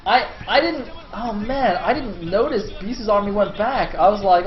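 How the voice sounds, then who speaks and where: A man casting a video game match live, excitable and swearing freely, breaking into laughing shouts. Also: sits high, moderate pace, hardly any pauses, faint music behind. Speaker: esports caster. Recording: echoey room, dull lo-fi sound.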